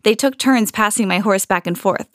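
A woman reading a children's storybook aloud in an expressive, storytelling manner. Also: mid-range voice, normal speed, dry recording, studio quality. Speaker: podcast host reading to children.

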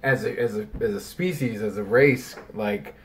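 A man co-hosting a podcast in casual chat, rambling and animated, swearing freely. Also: on the low side, normal speed. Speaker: podcast co-host.

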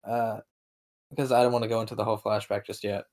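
A man's voice: on the low side, flat delivery, fast talker, darkish tone. Man, podcast host, casual movie recap, frequent laughter, rambling restarts.

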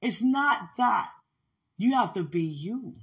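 Hosting a spiritual podcast, this woman has a mid-range, expressive, slightly rough voice and speaks slowly. She addresses her listener with fervor, breaking into frequent laughter and exclamations, her testimony growing more intense.

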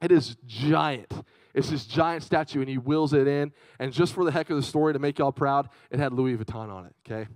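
A young man giving a youth sermon, telling a personal story in a chatty, lively way and calling out to his young audience. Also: medium pitch, a little fast, no echo. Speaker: youth speaker.

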